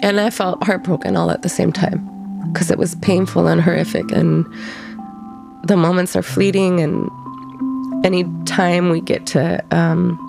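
A woman telling her own story in an interview, reflective and halting, often pausing to find her words. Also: on the low side, creaky. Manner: reflective, halting, soft-spoken. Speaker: interviewee, former prison firefighter. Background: soft music.

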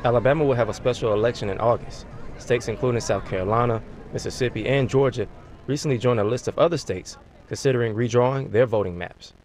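A man reading a scripted news report from the field in a brisk broadcast manner. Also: medium pitch, a little mellow, a faint crowd, slight background noise.

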